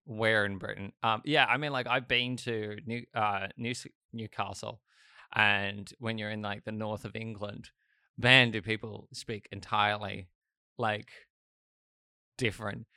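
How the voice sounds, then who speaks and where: Bright, blunt Australian man. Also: fairly low pitch, a little slow, clean tone, dry recording, clean studio sound. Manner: animated, blunt, chatty. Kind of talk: casual chat.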